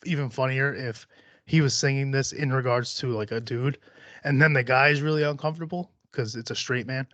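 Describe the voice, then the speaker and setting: A man's voice: mid-range voice, a bit bright, no echo, lo-fi sound. A man hosting a podcast in casual chat, rambling and swearing freely, laughing often. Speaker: podcast host.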